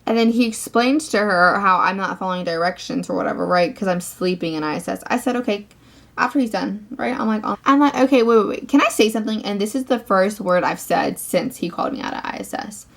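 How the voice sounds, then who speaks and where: A woman's voice: mid-range voice, fairly quick, creaky. A teenage girl vlogger telling a storytime rant, swearing often and saying "like" constantly. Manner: ranting, profane, filler-heavy.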